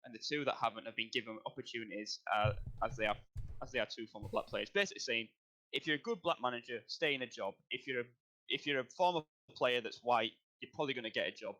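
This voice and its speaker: A man's voice: medium pitch, fast talker, sharp tone. A young man, co-hosting a casual podcast and arguing his point with fillers and rising heat. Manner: builds into heated ranting with hesitant fillers. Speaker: podcast co-host. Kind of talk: casual chat.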